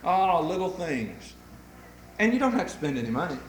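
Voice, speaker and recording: A man preaching a sermon to a congregation, telling folksy stories in an animated way. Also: on the high side, moderate pace, echoey room, a little hiss or hum, low-quality recording.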